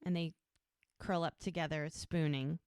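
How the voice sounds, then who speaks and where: A woman with a slightly low voice recaps a TV episode in casual chat. She keeps retelling scenes as quoted lines, loose and talkative. The recording is close and dry. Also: steady tone, measured pace, a little mellow, clean tone, dry recording. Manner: chatty, retells scenes with many "he's like" quotes. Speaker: podcast co-host.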